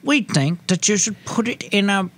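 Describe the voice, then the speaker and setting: A man's voice: high voice, expressive, moderate pace, fairly bright tone. A man putting on a prim British baking-show presenter in a mock-formal tone. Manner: mock-formal, giggling through lines.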